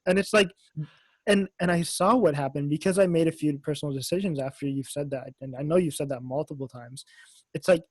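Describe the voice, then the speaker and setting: A man co-hosting a casual podcast, telling a story in an animated way and swearing casually. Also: on the high side, fairly quick, slightly rough, no room sound. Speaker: podcast co-host.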